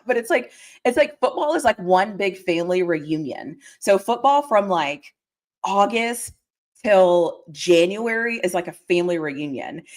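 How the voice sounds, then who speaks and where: A young adult woman hosting a casual livestream, chatting excitedly and greeting viewers with bursts of squeals. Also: medium pitch. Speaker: livestream host.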